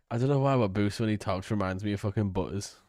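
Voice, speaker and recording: A man's voice: fairly low pitch, fairly quick, darkish tone, dry recording, studio quality. A man giving rambling, crude, hesitant commentary on a livestream.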